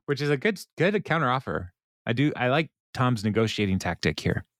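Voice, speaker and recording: A man's voice: medium pitch, sing-song, normal speed, fairly bright tone, no room sound, clean studio sound. A man co-hosting a podcast, casually recapping a TV episode with lots of fillers and frequent laughter. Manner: rambling, filler-heavy, laughs often. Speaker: podcast co-host.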